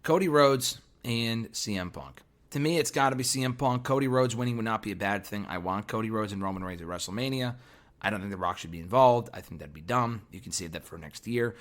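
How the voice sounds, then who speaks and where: Hoarse man hosting a wrestling podcast. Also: on the low side, brisk. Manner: opinionated, thinking aloud with fillers. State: hoarse, losing his voice. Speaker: podcast host. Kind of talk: solo wrestling podcast commentary.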